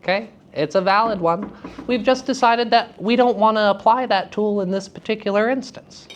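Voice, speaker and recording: Lively woman teaching a lecture. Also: medium pitch, moderate pace, slight background noise. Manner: lively, theatrical, laughs often, asks students questions. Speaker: acting teacher giving a lecture. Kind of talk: live lecture to students. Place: school theater festival session.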